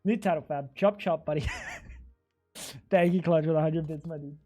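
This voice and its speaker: A man's voice: fairly high pitch, steady tone, normal speed, warm tone, faint music behind. A man streaming live, chatting casually in a ranting, exasperated way full of swearing.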